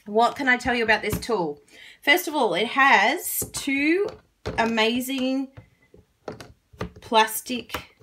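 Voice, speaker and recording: A woman's voice: fairly high pitch, lively intonation, slow pace, long pauses, pushed and bright, slight background noise. A woman with an Australian accent giving a chatty, casual card-making tutorial, laughing often.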